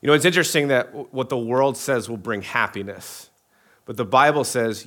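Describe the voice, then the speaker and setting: A man's voice: mid-range voice, fairly quick, fairly bright tone. Joking preacher man, many restarts. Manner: casual, joking, many restarts, asks the crowd. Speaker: pastor. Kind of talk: sermon.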